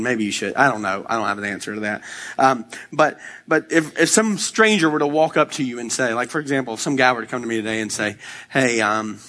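A man's voice: a little high, bright, forceful tone. A male pastor preaching a sermon, reading scripture and explaining it in a casual, conversational way, acting out the quotes.

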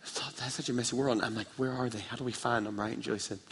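A man preaching a sermon with passion, moving between quiet, intimate passages and loud, fervent ones as he tells a story. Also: mid-range voice, fairly even intonation, very fast, few pauses, breathy edge. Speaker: pastor. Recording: reverberant hall.

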